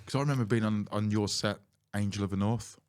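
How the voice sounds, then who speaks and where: Man, podcast host, lowish voice, casual chat, admiring, loose grammar. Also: fairly even intonation, fast, a little mellow.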